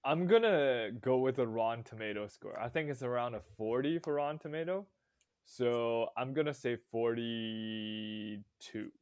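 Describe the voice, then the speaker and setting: Smooth-voiced man, relaxed. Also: mid-range voice, measured pace, no echo. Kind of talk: casual movie review chat.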